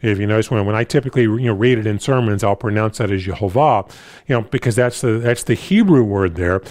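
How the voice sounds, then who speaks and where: Male preacher, sermon, halting delivery, repeats words, slow deliberate scripture reading. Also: on the low side, a little mellow. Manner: reads scripture slowly and deliberately. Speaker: pastor.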